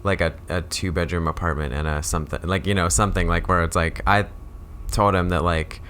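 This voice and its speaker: A man co-hosting a comedy podcast, pitching joke ideas in a rambling, filler-heavy way. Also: steady tone, fairly quick, a bit bright, a little hiss or hum. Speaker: podcast co-host. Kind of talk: casual podcast chat.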